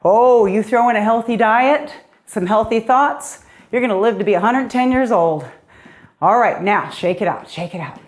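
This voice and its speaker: A woman's voice: a little high, moderate pace. A middle-aged woman fitness coach leading a guided workout, upbeat and encouraging, a little out of breath as she exercises along.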